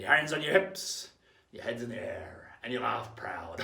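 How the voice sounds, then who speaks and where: A man with an Australian accent playing a pirate captain for kids, laughing often and leading call-and-response shouts in a playful lesson aboard a ship. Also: medium pitch, moderate pace, gravelly. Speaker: pirate-themed children's presenter. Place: aboard an old sailing ship in a harbour. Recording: echoey sound from a distant mic.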